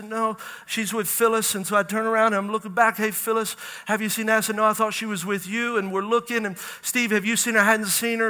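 A middle-aged man, preaching a sermon and telling a story with animated, acted-out dialogue. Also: high-pitched. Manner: animated storytelling, acts out panicked dialogue, laughs at own jokes. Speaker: pastor. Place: large church hall. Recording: reverberant church hall.

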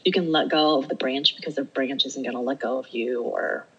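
On dull-sounding audio, a middle-aged woman appearing as a podcast guest tells a casual story, acting out her self-talk amid frequent laughter. Her bass voice is a bit bright and slightly rough, fairly quick, with fairly even intonation.

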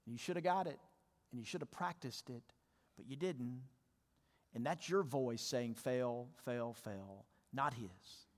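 A man's voice: mid-range voice, unhurried. A male pastor giving a sermon in a church, talking conversationally and asking his congregation questions. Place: church sanctuary. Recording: long church reverb.

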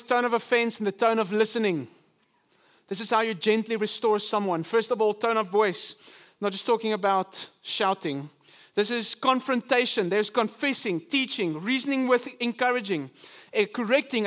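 A man with a notably high voice preaches to his congregation. He teaches earnestly and often slows down to stress a point. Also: a bit bright. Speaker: pastor. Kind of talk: sermon. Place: church.

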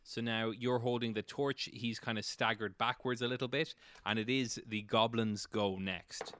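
A man's voice: mid-range voice, fairly even intonation, moderate pace, a bit bright, slight background noise. A man running a tabletop game as game master, narrating casually with fillers and swearing. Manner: rambling, profane, many fillers.

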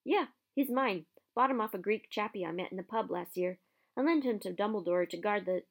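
A woman voicing a huge, gruff male half-giant groundskeeper who talks stubbornly in an audiobook reading. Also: mid-range voice, fairly quick, close to an everyday voice.

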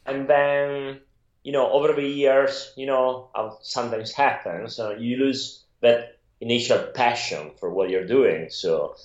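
A man's voice: medium pitch, a little slow, reverberant, dull audio. A middle-aged Italian man with an Italian accent, telling his story as a guest in a rambling, laughing interview chat. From Italy. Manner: rambling, many restarts and laughs. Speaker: guest photographer.

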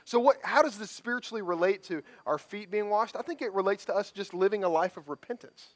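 High-voiced conversational male pastor. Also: fast. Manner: conversational, tag questions, repeated restarts. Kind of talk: sermon.

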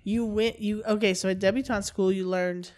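A woman hosting a casual chat, teasing her guest with dry asides and quick laughs. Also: mid-range voice, steady tone, a little mellow.

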